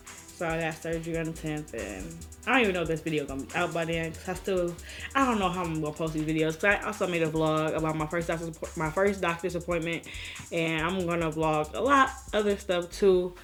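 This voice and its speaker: A woman's voice: fairly low pitch, a little fast, a bit bright, soft background music. A young woman, telling a story in a casual vlog and acting out the people in it. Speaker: vlogger.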